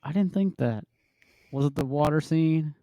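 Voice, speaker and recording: A man co-hosting a casual movie review chat, excitable and acting out scenes with loud yelps. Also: on the high side, moderate pace, no room sound. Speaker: podcast co-host.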